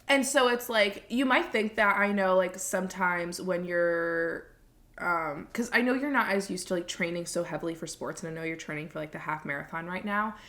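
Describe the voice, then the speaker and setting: A woman's voice: lowish voice, normal speed, a bit bright. A woman co-hosting a podcast, listening supportively and asking probing follow-up questions in casual chat. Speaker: podcast co-host.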